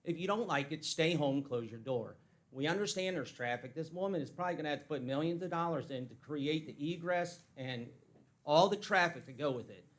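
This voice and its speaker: A man's voice: fairly high pitch, lively intonation, a little fast. A man giving a heated, blunt public comment at a county meeting. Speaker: citizen speaking at public comment. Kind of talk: angry public comment speech.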